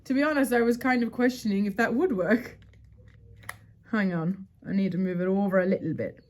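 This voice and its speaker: A woman's voice: mid-range voice, fairly quick, darkish tone, slight background noise. A woman chatting casually to her phone camera at home, rambling and correcting herself as she goes. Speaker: vlogger. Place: at home, indoors.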